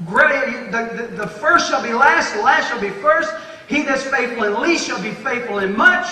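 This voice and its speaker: A man's voice: extremely high pitch, sharp tone. A man preaching a fervent sermon, addressing his listeners as dear friend and repeating himself for emphasis. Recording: echoey hall, picked up from a distance.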